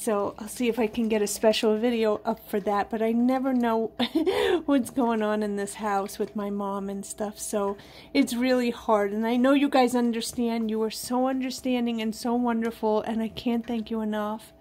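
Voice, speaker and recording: Chatting with viewers and her pets at home at night, a woman pet vlogger uses a sing-song baby voice. Her voice is fairly high, steady, a little mellow, and moderately paced, with a faint hiss or hum.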